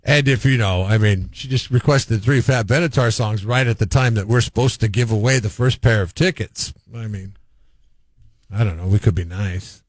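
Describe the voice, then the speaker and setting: A man's voice: lowish voice, moderate pace, no room sound. A man co-hosting a radio morning show in casual on-air banter, joking and teasing his partner. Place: radio studio.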